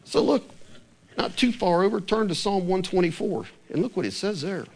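A man preaching in a church sanctuary, his voice fairly high and swinging widely in pitch. He asks the congregation rhetorical questions and drops lower and slower to read scripture. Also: lively intonation, gravelly, a little mellow. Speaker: pastor. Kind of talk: sermon.

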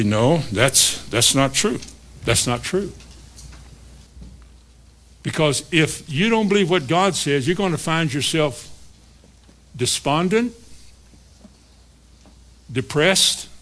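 A man's voice: a little high, a bit bright. A man preaching a sermon, asking his listeners questions and voicing an inner dialogue. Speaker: pastor.

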